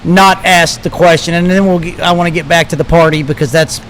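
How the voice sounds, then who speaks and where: A man's voice: a little high, steady tone, brisk, a bit bright, slight background noise, rough recording. A man hosting a casual interview, asking curious, easygoing questions and chiming in with short agreements. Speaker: host. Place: studio.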